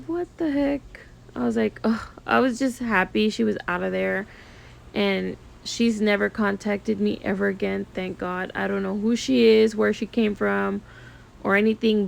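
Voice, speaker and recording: Brief: woman nail tech doing a chatty storytime, heavy vocal fry, mid-range pitch. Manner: chatty, filler-heavy retelling. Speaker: nail technician. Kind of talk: casual storytime vlog. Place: home studio.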